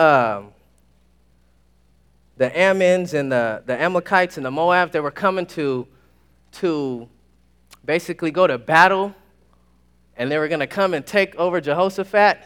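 A young man preaching a sermon, excitable, swinging from hushed asides to shouted exclamations. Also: high voice, clear, resonant tone.

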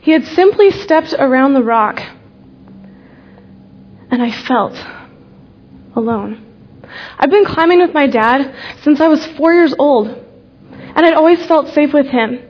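A young woman with a high voice shares an earnest personal faith testimony, speaking slowly, pausing deliberately, and letting key words fall soft. The highs in the recording are cut off.

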